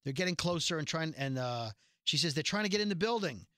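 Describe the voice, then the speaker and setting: A man hosts a casual podcast and recaps a TV episode in a chatty, joking way, full of rambling asides. His voice is bright and sits a little high. The sound is dry and close, with no room echo. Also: expressive, fast talker. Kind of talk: casual chat.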